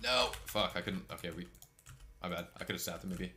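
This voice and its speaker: A man giving live commentary on his own arena match, excitable and swearing often, with laughs. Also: sits low, fairly quick, slight background noise. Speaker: arena player streaming. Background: music and keyboard typing.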